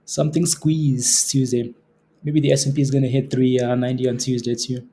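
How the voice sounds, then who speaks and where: A man from Canada hosting a day trading livestream, casually reading out viewer comments, relaxed and given to repeating himself and laughing. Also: medium pitch, normal speed, slight background noise.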